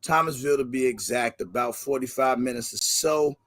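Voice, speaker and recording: A man hosting a casual livestream, giving energetic slangy shout-outs to viewers by name. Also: medium pitch, brisk. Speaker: livestream host.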